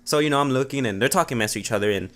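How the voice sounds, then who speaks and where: A man's voice: medium pitch, very fast, fairly bright tone. A man vlogging a rambling story in a casual, profane way, full of "you know" and "like" fillers.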